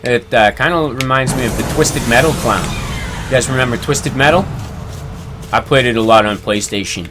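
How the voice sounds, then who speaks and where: A man's voice: medium pitch, normal speed, noisy background. A man streaming a game live, chatting casually, reading viewer comments aloud and laughing easily. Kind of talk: casual live-stream chat while gaming.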